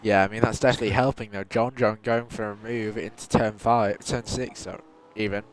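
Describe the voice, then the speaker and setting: Lower-voiced play-by-play race caller. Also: male voice, fairly even intonation, fairly quick, a little hiss or hum. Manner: calls overtakes as they happen, apologetic. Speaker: race commentator. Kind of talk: sim racing play-by-play.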